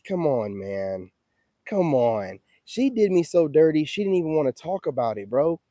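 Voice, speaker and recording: A man's voice: fairly high pitch, big pitch swings, normal speed, warm tone, no room sound. A man chatting casually on a livestream, loose and emphatic, who keeps asking whether the listener follows him. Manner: loose, emphatic, keeps asking "you know what I'm saying". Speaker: livestream host.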